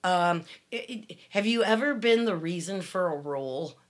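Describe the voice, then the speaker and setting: A woman's voice: lowish voice, expressive, moderate pace. A middle-aged woman co-hosting a podcast, speaking bluntly and candidly with a wry edge in casual conversation. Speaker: podcast co-host.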